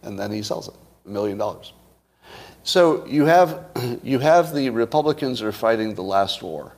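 A man's voice: medium pitch, lively intonation, moderate pace. Blunt, profane male commentator. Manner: blunt, profane, rhetorical questions. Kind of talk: casual political monologue.

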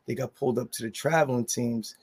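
A man's voice: medium pitch, a little fast, darkish tone, husky. Joking New man telling stories. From New Jersey. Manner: loose and joking, storytelling, with slang and restarts. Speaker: music label head. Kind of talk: casual interview talk.

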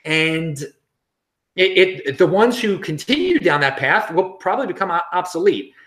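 A man's voice: high-pitched, lively intonation, normal speed, fairly bright tone, reverberant. A man hosting a casual commentary show, joking and rambling, often repeating words. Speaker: host. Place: home studio in Los Angeles.

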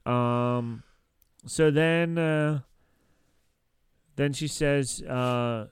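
A man's voice: mid-range voice, extremely slow, clear, resonant tone, dry recording. A man casually recapping a TV episode on a podcast, rambling with lots of fillers and restarts. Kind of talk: casual chat.

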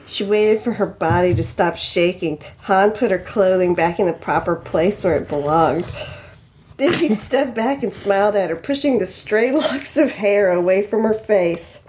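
A woman's voice: medium pitch, animated, unhurried, a little mellow, a little hiss or hum. A woman co-hosting a podcast, reading fan fiction aloud with wry asides and laughter. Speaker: podcast host.

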